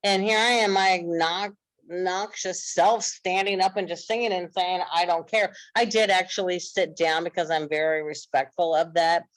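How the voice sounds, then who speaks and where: A woman's voice: fairly low pitch, normal speed, no room sound, poor audio. A woman telling stories in a casual, earnest podcast chat. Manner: earnest, animated storytelling.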